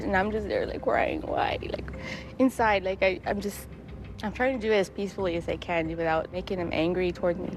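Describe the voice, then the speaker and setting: A woman giving an emotional interview, speaking haltingly and repeating her words. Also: lowish voice, steady tone, music in the background. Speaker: interviewee recounting her past.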